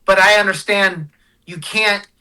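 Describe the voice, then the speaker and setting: Bright-voiced guest in a played clip. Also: mid-range voice, fairly even intonation, a little slow, clear, resonant tone, rough recording. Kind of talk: casual interview talk.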